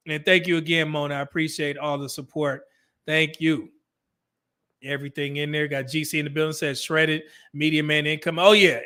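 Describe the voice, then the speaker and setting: Laid-back chatty man, bright high voice. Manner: laid-back, chatty, laughs often, uses slang. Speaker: livestream host reading chat. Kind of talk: casual livestream chat.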